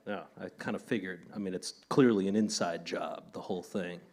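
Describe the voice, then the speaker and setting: A man's voice: low voice, fairly even intonation, fairly quick, darkish tone. A man hosting a casual interview, talking loosely with laughter and casual swearing. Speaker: podcast host.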